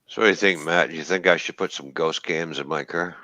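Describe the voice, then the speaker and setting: A man's voice: rumbling low, fairly even intonation, fairly quick, bright, forceful tone, no echo, lo-fi sound. A man chatting casually on a live stream, joking and rambling through car engine details. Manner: rambling, jokey, explains car engine specs. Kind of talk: casual chat.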